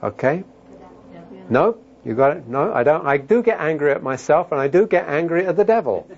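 A middle-aged man delivers a sermon in an emphatic, lively voice, swinging widely in pitch as he drives his points home. His speaking voice sits a little high for a man. The recording sounds dull and lo-fi. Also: normal speed. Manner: emphatic, rising to loud animated outbursts. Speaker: preacher.

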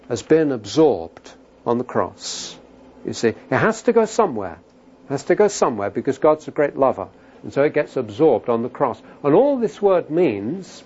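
A middle-aged man preaching a sermon, talking emphatically and building to loud, animated outbursts. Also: on the high side, slightly rough. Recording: dull lo-fi sermon recording.

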